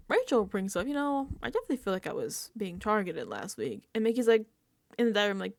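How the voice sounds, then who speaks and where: A woman's voice: medium pitch, very animated, fast talker, vocal fry. A woman hosting a casual reality TV recap, talking animatedly, laughing often and acting out quoted lines.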